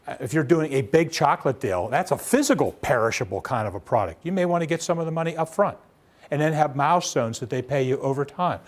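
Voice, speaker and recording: A man giving a live small business seminar, talking in a conversational way full of rhetorical questions. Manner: conversational, rhetorical questions, acts out demanding debtor with raised pitch. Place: seminar room.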